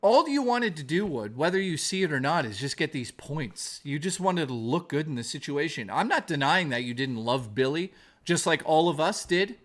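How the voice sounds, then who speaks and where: A male streamer with a fairly high voice rants heatedly into his mic, swearing and circling back on his points. He reads and answers his viewers' messages between tirades. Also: sing-song, moderate pace, few pauses, a bit bright. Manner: heated, profane, repetitive ranting. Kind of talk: angry live-stream rant and chat reading.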